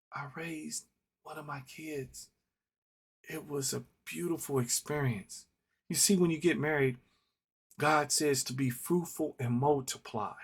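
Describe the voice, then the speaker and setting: Gravelly, earnest middle-aged man. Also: fairly high pitch. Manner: earnest, storytelling, repetitive emphasis. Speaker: vlogger. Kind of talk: reflective personal monologue. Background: faint instrumental music.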